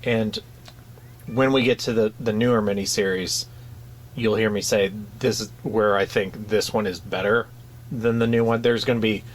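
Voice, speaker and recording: A man's voice: on the low side, steady tone, moderate pace, slight background noise. A man co-hosting a podcast, talking in a casual, hesitant way with frequent restarts and fillers. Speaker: podcast co-host. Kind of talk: casual chat.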